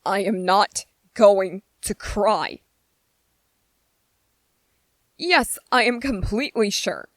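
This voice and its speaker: A woman's voice: mid-range voice, lively intonation, takes it slowly, a bit bright, no room sound. A woman voicing an irritable young male soldier trainee in a whispered role-play, speaking with biting sarcasm and strained patience.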